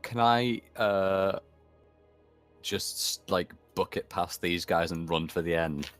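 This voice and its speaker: A man with a deep, low voice plays a tabletop role-playing game. He is hesitant and swears casually, and faint music plays behind him. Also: takes it slowly. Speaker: player.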